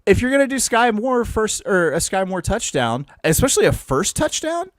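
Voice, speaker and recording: A man's voice: high voice, very animated, normal speed, dry recording, studio quality. A man co-hosting a casual sports betting podcast, joking and quizzing his co-host as he reads out his picks.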